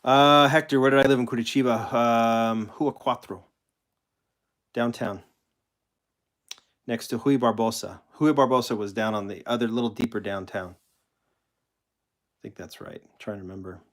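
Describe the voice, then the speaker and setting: A man's voice: mid-range voice, steady tone, normal speed, fairly bright tone. A man hosting a casual live stream, rambling and correcting himself as he answers chat questions and shows toy cars. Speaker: host of a live collector stream.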